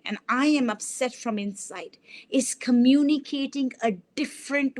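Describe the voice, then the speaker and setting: A woman lecturing on communication at a university, explaining a model step by step and illustrating it with examples. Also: mid-range voice. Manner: explanatory, gives examples with repeated sample sentences.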